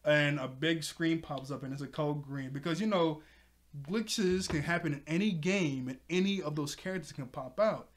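Excitable man with a higher voice. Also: normal speed. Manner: excitable, laughs often, chatty filler words. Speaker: cartoon episode reviewer. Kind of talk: casual episode recap.

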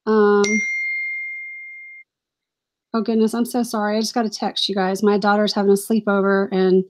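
A woman's voice: medium pitch, little pitch movement, fast, a little mellow. A woman hosting a casual live stream, chatty, apologetic and easily distracted, gushing over items she is shown.

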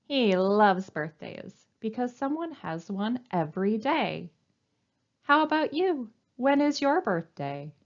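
A woman librarian reading a picture book aloud to young children, with an animated, coaxing sing-song delivery. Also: medium pitch, muffled recording. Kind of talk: storytime read-aloud.

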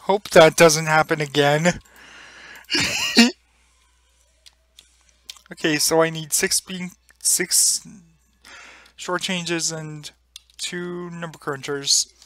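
A young gamer giving casual, excitable gameplay commentary, exclaiming and laughing often. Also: mid-range voice, very slow, pauses often, no room sound.

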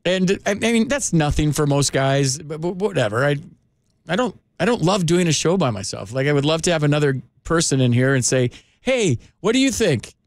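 Male sports radio host, loose and chatty, slightly high voice, dry studio sound. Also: expressive, dry recording. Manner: loose, chatty, quick restarts. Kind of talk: casual radio chat. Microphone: studio microphone.

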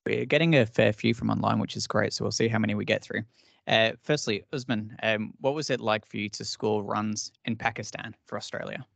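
Gravelly man reading out audience questions. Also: fairly low pitch, fairly even intonation, fairly quick, no room sound. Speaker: moderator reading online questions. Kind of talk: event Q&A moderation.

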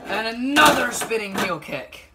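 A man giving play-by-play commentary on a wrestling video game, bursting into shouted excitement and then dropping to low mutters. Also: measured pace, gravelly, heavy background noise.

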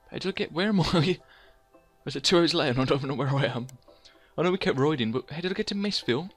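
A man doing excitable game commentary, humming sound effects and theme music as he plays. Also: on the high side, very fast. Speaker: let's play gamer.

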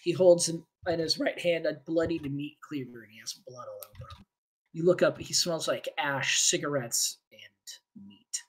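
A woman narrating a tabletop game as game master, playful and quick to laugh, describing scenes vividly. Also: low voice, slightly rough.

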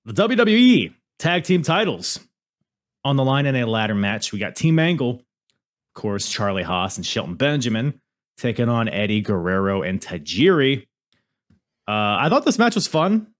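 A man's voice: mid-range voice, big pitch swings, normal speed. A man co-hosting a wrestling podcast, recapping matches in casual chat and laughing often. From Asian heritage. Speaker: podcast co-host.

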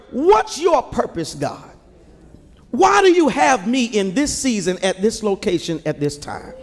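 Captured live in a big church sanctuary with lengthy hall reverb, this sermon comes from a male pastor whose voice is very high. He climbs toward shouts and prompts the congregation to respond to him.

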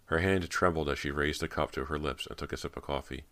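A man narrating a horror novel as an audiobook, in a steady, low-key reading. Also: fast talker, dry recording.

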